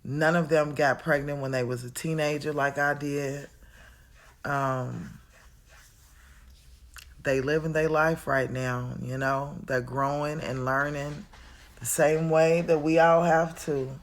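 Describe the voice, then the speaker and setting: Slow, low-voiced woman in her forties. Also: little pitch movement. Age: 40s. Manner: chatty, calls the listener honey and child. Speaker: vlogger. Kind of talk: reflective casual monologue. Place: at home, indoors.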